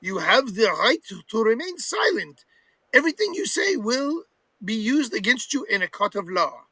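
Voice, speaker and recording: An officious French policeman, as a reader puts him on, with a put-on French accent that bounces up and down. The tone is bright and stiffly formal. The voice is recorded dry and close. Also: mid-range voice, very animated, normal speed, breathy edge, dry recording, full character voice. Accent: fake French. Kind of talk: comic read-aloud with voices.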